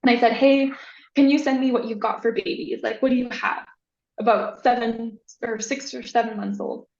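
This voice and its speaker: A woman guest on a podcast telling a story in a casual, animated way, acting out the voices she quotes. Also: fairly high pitch, moderate pace. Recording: echoey, dull lo-fi sound.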